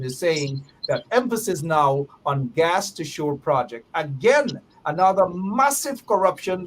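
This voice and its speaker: A man hosts a political talk show, his voice sitting fairly high. He reads headlines aloud and repeats key phrases before handing off to his guest. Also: slight background noise. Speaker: show host.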